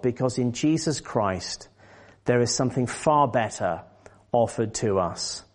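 A man delivering a church sermon in an earnest, measured way. He builds to forceful, emphatic exhortation at times. His voice sits at a middle pitch. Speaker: preacher.

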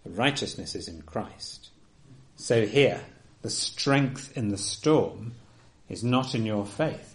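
A man preaching a sermon, earnest and emphatic, often dropping to a soft, quiet delivery. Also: lowish voice, animated, takes it slowly.

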